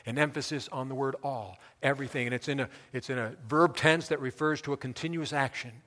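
A man preaching a sermon as pastor, emphatic, building his repeated lists up to loud peaks. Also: medium pitch, fairly quick, long reverb tail.

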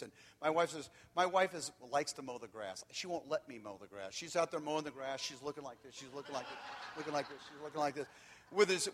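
A man preaching, telling candid stories that swing from loud and animated to quiet and hushed. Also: on the high side. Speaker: pastor. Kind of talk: sermon. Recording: long hall reverb.

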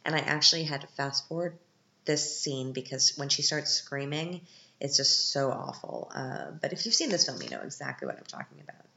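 A woman with a very deep, gravelly voice chats through a casual film recap, candid and wry. The sound is roomy and a bit dull and lo-fi. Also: very animated, normal speed, bright, forceful tone, a little hiss or hum. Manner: chatty, candid, sarcastic asides. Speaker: podcast host. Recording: echoey, dull lo-fi room.

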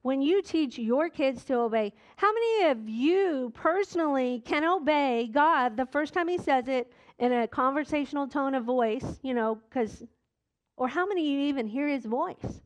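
A woman's voice: high voice, expressive, moderate pace. A middle-aged woman pastor preaching a sermon, earnest and direct, putting questions to the congregation.

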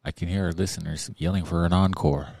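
A man hosting a casual talk show, excitable and laughing often as he chats with his guests. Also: sits low, quick pace, vocal fry, no room sound. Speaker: podcast host. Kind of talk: casual chat.

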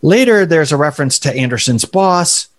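A man hosting a podcast, telling stories in a casual, animated way and swearing now and then. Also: on the high side, moderate pace. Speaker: podcast host. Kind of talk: casual chat.

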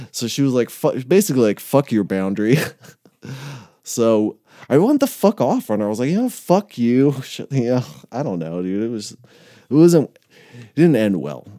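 A man's voice: on the low side, mellow, no room sound, studio quality. A young man in recovery ranting casually, swearing a lot and laughing often as he rambles. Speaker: person in addiction recovery.

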